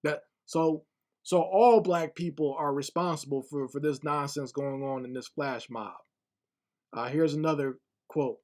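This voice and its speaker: A man's voice: on the high side, steady tone, a little slow, darkish tone. Blunt, scornful male commentator. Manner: blunt, scornful, repeats words as he thinks. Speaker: online commentator. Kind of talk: casual spoken commentary.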